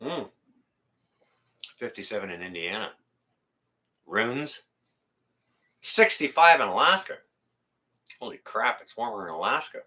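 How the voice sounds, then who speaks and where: Very animated yet a little slow with long pauses, this fairly low, bright, forceful voice comes from a middle-aged Canadian man hosting a casual livestream. He rambles and jokes while reading viewer comments, laughing at the chat and swearing mildly.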